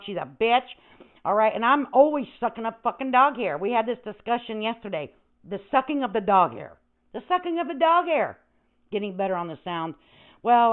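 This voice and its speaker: Brash, foul-mouthed older woman on tinny audio. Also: a little high. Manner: brash, profane and rambling. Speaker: livestream host. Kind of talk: casual livestream rant. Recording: tinny phone-like audio with static.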